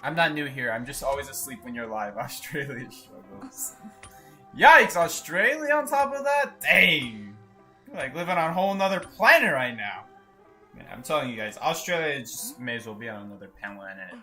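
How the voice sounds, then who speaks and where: Lively, bright-voiced young male streamer. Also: medium pitch, moderate pace, faint music behind. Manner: chatty and joking, reads chat aloud. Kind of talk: casual gaming stream commentary.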